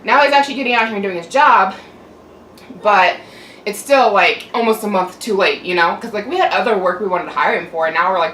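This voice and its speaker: A woman's voice: medium pitch, moderate pace, fairly bright tone. Chatty woman venting in an echoey room. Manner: chatty, aggravated, swears, lots of "like". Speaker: mukbang vlogger. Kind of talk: casual venting chat. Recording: roomy echo, mic at a distance, faint hum.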